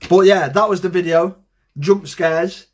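A man in his thirties hosting a reaction video, talking in an excitable, heavily profane casual way. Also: sits high, measured pace. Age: 30s.

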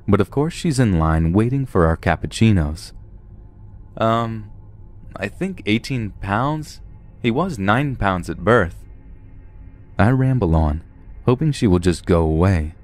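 A man narrating first-person stories aloud in a plain, steady storytelling manner. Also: sits low.

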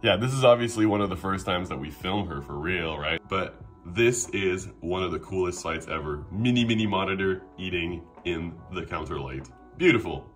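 A man chats casually to camera in a lower register, upbeat and talkative, checking in with a quick "right?". His voice rings in an echoey room, with faint guitar music playing underneath. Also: lively intonation, a bit bright. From Canada. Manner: upbeat, chatty, says "right?" often. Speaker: reptile channel host.

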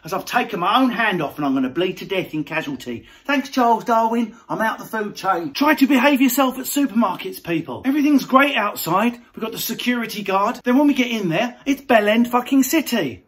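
A man's voice: high voice, lively intonation, brisk, few pauses, a bit bright, breathy edge. Brash, sweary male comedian. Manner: brash, sweary, mocking delivery. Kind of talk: comic rant to camera.

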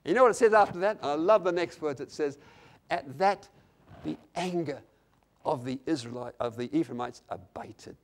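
An older man preaching a sermon, repeating lines for emphasis and swinging from quiet, intimate passages to loud, emphatic ones. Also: fairly high pitch, moderate pace.

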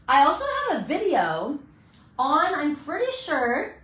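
A middle-aged woman hairstylist chatting brightly while she demonstrates hair toning in a salon, teaching as she works. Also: high voice, wildly swooping pitch, moderate pace. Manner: bubbly, chatty, talks while working. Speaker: hairstylist educator. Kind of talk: live hair coloring tutorial. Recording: echoey room.

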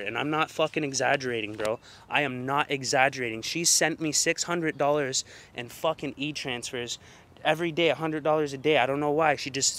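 A man's voice: on the high side, a bit bright. A young man hosting his own channel, ranting heatedly about a personal ordeal, cursing constantly and repeating fillers. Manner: heavy swearing, emphatic, repetitive fillers. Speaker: channel host. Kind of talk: agitated personal rant to camera.

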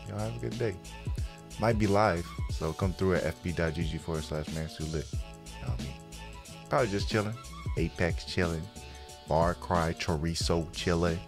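A man's voice: low voice, normal speed, vocal fry, music in the background. A young man casually reacting to a video, laid-back and full of slang, laughing at himself.

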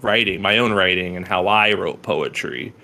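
Rambling, swearing man with a low voice. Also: normal speed, pushed and bright. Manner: rambling, profane, laughs often, many restarts. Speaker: podcast co-host. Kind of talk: casual conversation about poetry.

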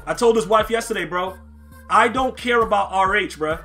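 A man streaming a football video game, excitable and trash-talking, shouting at plays and chatting with his viewers. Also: high voice, normal speed, soft background music. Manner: chats with viewers while playing. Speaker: gaming streamer. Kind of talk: live gameplay commentary.

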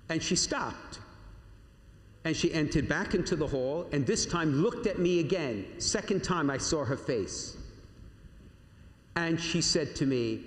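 A priest preaching to young confirmation candidates, his slightly high voice slowing down on key words. He tells a personal story with dramatic pauses. The sound rings through a large, echoing church. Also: expressive. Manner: storytelling, addresses listeners as "my young friends"; dramatic pauses and slowed emphasis. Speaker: Catholic priest. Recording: echoey church with long reverb.

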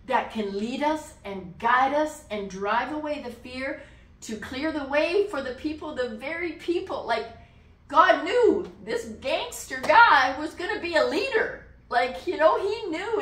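A woman pastor telling a personal testimony in an interview, animated, dropping to a whisper when she quotes voices. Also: sits high. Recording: echoey room, distant mic.

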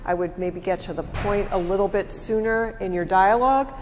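A woman judging a school talent show, giving measured, encouraging feedback. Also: mid-range voice, a little mellow. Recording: echoey hall with faint background noise.

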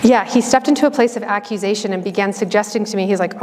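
A woman's voice: medium pitch, quick pace, darkish tone, slight background noise. A woman sharing her story in an earnest, chatty way. Her voice sits mid-range and carries a long reverb from a big hall. She stops and restarts often, with lots of fillers. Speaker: religious sister giving a talk. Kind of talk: personal testimony talk. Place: campus ministry hall.

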